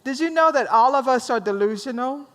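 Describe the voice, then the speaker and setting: A woman's voice: high-pitched, expressive, fairly quick, fairly bright tone. Southern woman minister teaching a workshop. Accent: Southern US drawl. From rural North Carolina. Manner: conversational, teasing the audience, asks them questions.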